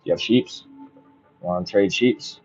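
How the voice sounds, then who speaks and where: A man's voice: sits low, muffled recording, soft background music. A man reading a bedtime story aloud, breaking off now and then to muse casually on it. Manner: reads slowly, breaks off into musing casual commentary.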